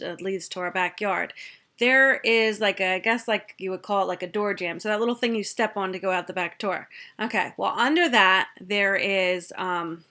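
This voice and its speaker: A woman's voice: mid-range voice, sharp tone. A young woman, a mother, chatting through a family story in a casual storytime, with plenty of fillers and acted-out quotes.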